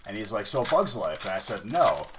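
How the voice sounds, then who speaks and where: A man's voice: on the low side, very animated, fast talker, background noise. A man hosting a card-break livestream, rambling in casual chat and saying "dude" a lot.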